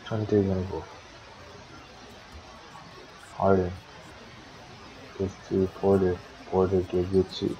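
Low, dark-voiced man calling a sim game. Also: a little hiss or hum. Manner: swears often, grumbles at his players. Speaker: team manager commentating a basketball sim league. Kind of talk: casual play-by-play commentary. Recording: dull lo-fi recording.

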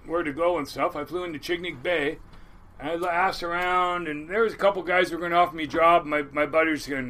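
A man's voice: a little high, steady tone, fast, pushed and bright, slight background noise. A man in his sixties, a crab boat captain from the US Pacific Northwest, tells a rambling, salty story in a casual interview. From Washington State, US. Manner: rambling yarn-spinner, salty and blunt.

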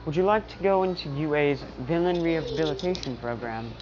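A courteous little animal principal , as a woman puts him on, speaking low and steady through a dull, lo-fi recording with faint noise behind. The offer comes out calm and formal, in a fan storytelling voice. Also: brisk, natural voice. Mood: polite. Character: polite small animal school principal.

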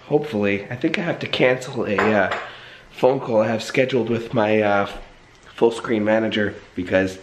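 A young man with a hoarse, sick voice, chatting casually in a morning home vlog and clearing his throat often. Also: mid-range voice, a little hiss or hum. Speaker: vlogger.

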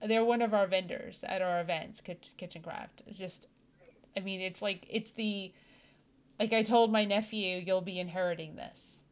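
A woman's voice: mid-range voice, steady tone, normal speed, noisy background. A woman hosting a casual chat, bubbly and enthusiastic and laughing often between thoughts. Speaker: host.

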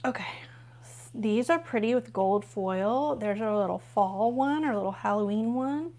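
A woman speaks a little slowly in a slightly high voice with a darkish tone. On a casual live unboxing stream from her home, she gushes over what she unpacks, turns pages, and chats with viewers.

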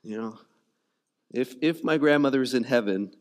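A man's voice: medium pitch, normal speed. A man preaching a sermon as a pastor, in a loose conversational way, often repeating words and saying "you know" and "like.". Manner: conversational, repeats words while searching for phrasing.

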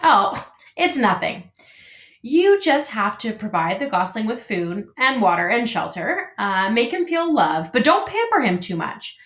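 A woman voicing a blunt, bossy old female goose in a storybook read-aloud, with a brisk, scolding manner. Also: on the high side, sing-song, a bit bright. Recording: roomy echo.

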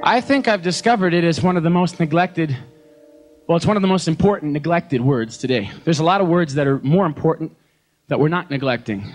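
A man preaching from a concert stage in a folksy, joking, animated storytelling way. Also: fairly high pitch, brisk, faint music behind. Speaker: singer and preacher. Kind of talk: live concert sermon talk. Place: concert stage before an audience.

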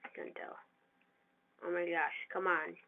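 A gamer giving casual, excitable commentary over their own gameplay and trash-talking opponents. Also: mid-range voice, measured pace, gravelly. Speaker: gamer narrating own play. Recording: tinny lo-fi mic with faint hiss.

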